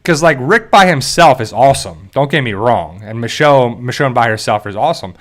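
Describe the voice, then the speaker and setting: A man's voice: medium pitch, expressive, a little fast. A man from South Jersey in the US hosts a casual fan discussion, rambling with many fillers and restarts and talking straight to his viewers. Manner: addresses viewers directly. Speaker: YouTube show host.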